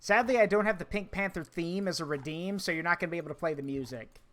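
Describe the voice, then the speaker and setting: A man's voice: a little high, fast talker, fairly bright tone. A man streaming a game, chatting casually with his viewers as he works. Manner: chatty, talks to chat while working, hums tunes. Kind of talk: casual gameplay commentary.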